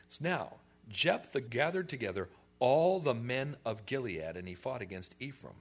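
A man's voice: medium pitch, lively intonation, moderate pace, hardly any pauses. A man preaching an expository sermon, acting out biblical figures in casual modern slang. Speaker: pastor.

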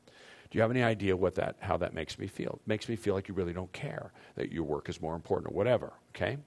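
A man's voice: sits low, fast talker, vocal fry, darkish tone. A man leading a marriage seminar for couples, speaking emphatically and addressing the audience directly on a handheld microphone. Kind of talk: teaching talk to couples.

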